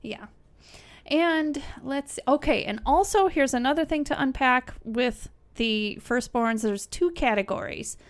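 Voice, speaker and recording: A woman's voice: high-pitched, measured pace. A woman co-hosting a podcast, chatting casually and telling stories with easy laughter. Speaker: podcast co-host. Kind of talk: casual conversation.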